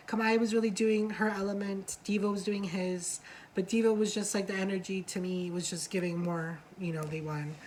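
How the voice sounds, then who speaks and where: A woman's voice: medium pitch, darkish tone, a little hiss or hum, poor audio. Chatty gossiping woman recapping a show. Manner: chatty, gossipy, swears freely, acts out quotes. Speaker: co-host of a reality show review. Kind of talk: casual chat recap.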